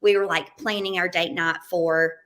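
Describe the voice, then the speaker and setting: A woman guest on an interview, telling stories in a casual, animated way and acting out quotes and sounds. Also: on the low side, normal speed, slight background noise. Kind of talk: casual anecdotal storytelling.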